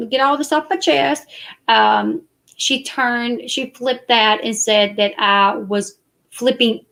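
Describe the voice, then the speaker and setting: A woman's voice: fairly high pitch, vocal fry, fairly bright tone. A woman, chatting casually and defensively to her live stream viewers. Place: parked car at night.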